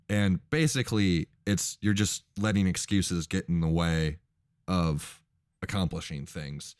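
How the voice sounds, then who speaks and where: A man's voice: deep voice, no room sound, studio quality. A man in his twenties co-hosting a podcast in casual chat, rambling with lots of fillers and restarts. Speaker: podcast co-host.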